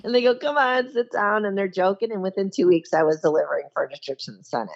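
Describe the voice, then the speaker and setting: A woman being interviewed as a guest, telling lively stories, laughing often and acting out the people in them. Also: on the low side, very fast, gravelly, highs cut off. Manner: lively anecdotes, laughs often, acts out voices. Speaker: guest, sales trainer. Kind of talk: storytelling interview.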